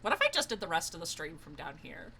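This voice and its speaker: A young woman streaming a game, excitable and loud, swearing, laughing and screaming as she plays. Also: lowish voice, quick pace, slight background noise. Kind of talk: let's play commentary.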